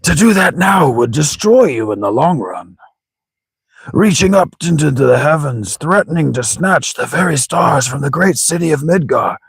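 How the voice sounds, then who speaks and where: A man voicing a wise old elder who chuckles "ho ho ho" and speaks slowly, with a gravelly, husky voice. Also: a little high, animated, dry recording, clean studio sound, pitched above the performer's own voice, heavily acted. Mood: sage. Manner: chuckling "ho ho ho", slow measured speech.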